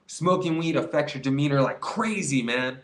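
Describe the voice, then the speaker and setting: A young man talks straight to the camera in a loose, rambling monologue. He restarts sentences, repeats himself and slips into other people's voices as he tells the story. His pitch sits in the middle for a man. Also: moderate pace, a bit bright. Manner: rambling, repeats words, acts out quoted voices. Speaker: vlogger giving quit-weed advice.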